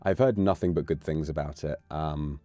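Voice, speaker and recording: A man's voice: rumbling low, moderate pace, no echo, faint music behind. A man with an English accent, chatting casually and jokingly on his stream. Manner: rambling, joking, animated. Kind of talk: casual chat.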